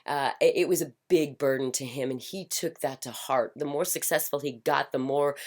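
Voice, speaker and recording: A middle-aged woman speaking in a passionate personal monologue, emphatic and repetitive, swinging from loud declarations to hushed whispers. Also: low voice. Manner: fervent, repetitive chanting phrases. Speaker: spiritual commentator.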